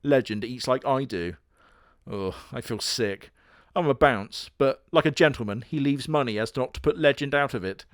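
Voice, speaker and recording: A man's voice: medium pitch, a little fast, hardly any pauses, no echo, studio quality. A young man giving sardonic, crude comedic commentary, now and then putting on voices for quoted characters. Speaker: host.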